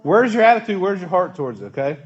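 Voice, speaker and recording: A man's voice: high voice, very animated, fast, dull audio. A man leading a casual church youth group talk, chatty and asking the group questions.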